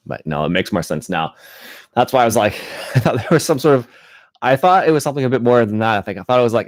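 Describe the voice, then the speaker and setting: A man hosting a casual live-stream chat, rambling and relaxed, with frequent restarts and fillers. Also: medium pitch, fast talker, no room sound, studio quality. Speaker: gaming channel host.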